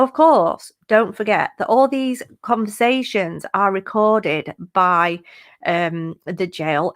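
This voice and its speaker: Brief: rambling female true crime streamer, casual and chatty, mid-pitched. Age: adult parent. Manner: rambling, chatty, many fillers. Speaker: true crime YouTube host. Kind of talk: casual live-stream chat.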